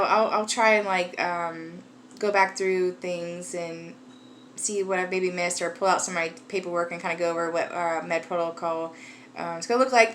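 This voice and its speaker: A woman's voice: fairly low pitch, fairly bright tone, a little hiss or hum. A woman chatting casually in a vlog, rambling and laughing often, tired and jet lagged. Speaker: vlogger.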